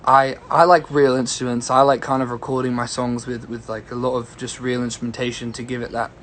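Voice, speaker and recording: Young male singer-songwriter, casual and rambling, mid-pitched, phone livestream chat. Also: level tone, brisk, a bit bright, a little hiss or hum. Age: young adult. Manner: rambling and easygoing, greeting viewers by name. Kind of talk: casual livestream chat answering viewer questions.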